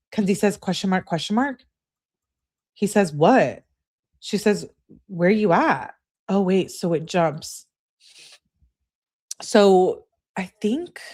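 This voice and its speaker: A woman hosting a true-crime channel, reading a couple's text messages aloud in a casual way and breaking off for quick remarks of her own. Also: fairly low pitch, a little mellow. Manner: reads texts aloud, breaks off with quick asides. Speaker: host reading case evidence.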